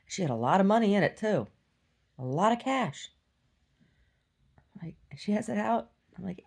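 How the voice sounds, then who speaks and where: A young adult woman telling a story in a casual, animated vlog rant, laughing and swinging between loud outbursts and hushed asides. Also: mid-range voice, moderate pace, vocal fry, husky. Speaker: vlogger.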